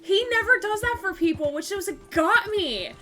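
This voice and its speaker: A woman's voice: very high voice, expressive, moderate pace, pushed and bright. A young woman streaming a game live, chatting casually with lots of filler words and breaking into giggles and squeals. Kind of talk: casual live-stream chat while gaming.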